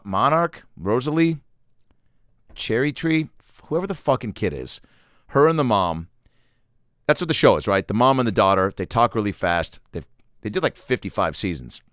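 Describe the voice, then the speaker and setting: Alone on his podcast, a man with a voice on the low side rambles through profane, self-deprecating comic stories in a casual monologue. His storytelling is animated, and the audio is clean studio sound with no room sound.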